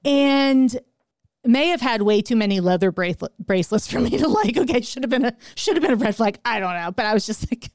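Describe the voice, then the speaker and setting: Middle-aged female podcast co-host with a smooth, dry, close sound, telling a lively story. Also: fairly high pitch, fairly quick, no room sound. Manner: animated, laughing, acts out quoted lines. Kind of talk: casual storytelling chat.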